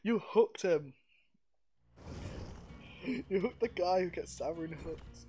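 This is a man hosting a relaxed gaming stream, talking into a headset. He speaks slowly, with a voice that rises and falls a great deal, and keeps dissolving into laughter. Faint game music plays underneath. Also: high-pitched. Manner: giggly, laughs often while talking. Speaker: streamer host. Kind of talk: casual gaming stream chat.

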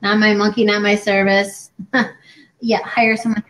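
A woman in her forties co-hosting a casual chat, talking in a chatty, animated way and acting out other people's lines. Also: medium pitch, measured pace, poor audio. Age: 40s. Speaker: co-host.

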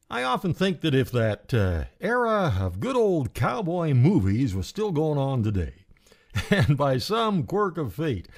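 Lively folksy male radio host. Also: fairly high pitch. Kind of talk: radio program hosting.

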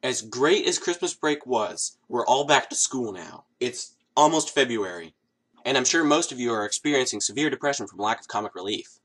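A young man hosting a comedy video, delivering a scripted monologue in a sarcastic, self-mocking deadpan. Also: mid-range voice, normal speed, breathy edge.

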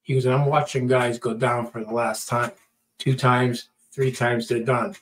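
A man's voice: medium pitch, flat delivery, moderate pace, a little hiss or hum. A middle-aged man telling a story in casual talk, acting out quotes and often repeating words. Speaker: podcast storyteller.

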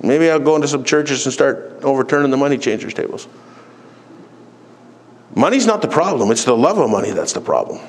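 A man pastor preaching a sermon in church, forceful, with mocking quoted voices. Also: mid-range voice, sing-song, fairly quick, pauses often. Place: church sanctuary. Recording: long hall reverb.

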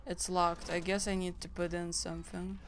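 A woman's voice: lowish voice, level tone, normal speed, a little hiss or hum. A woman from Europe hosting a gaming channel, reacting aloud and chatting through a let's play. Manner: chatty, reacting aloud, frequent small laughs.

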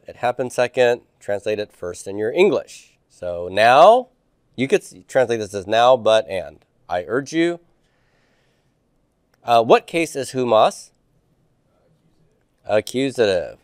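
A man's voice: medium pitch, no echo, studio quality. A man reviewing homework with a class, asking students questions and explaining Greek grammar patiently. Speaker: Greek teacher.

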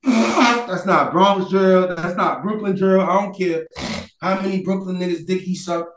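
A high-pitched man argues his point in a loud, heated way, swearing freely and breaking into shouts. His voice rings in an echoey room. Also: a little slow, distant mic, slight background noise. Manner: loud, animated, profane, argumentative, often shouting. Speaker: interview guest. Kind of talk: heated casual debate.

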